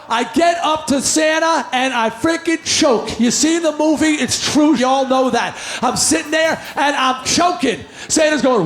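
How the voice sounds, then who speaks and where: A man fronting a band, telling a loud, energetic story to a crowd from a car show stage before a song, in an echoey live recording with music behind. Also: very high-pitched, unhurried, few pauses.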